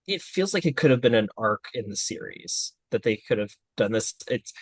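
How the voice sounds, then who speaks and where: A man's voice: medium pitch, animated, normal speed, breathy edge, no echo. A man co-hosting an anime review podcast, talking casually in a thoughtful, slightly hesitant way. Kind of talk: casual chat.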